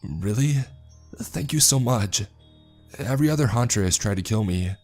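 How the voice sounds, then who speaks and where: A meek, tearful Sasquatch as a man puts him on, his voice pushed up high and kept soft and shaky. He pleads gently, with no menace at all. Faint music plays underneath the narrated story. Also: lively intonation, normal speed. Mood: grateful. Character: timid, gentle male Sasquatch. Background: faint background music.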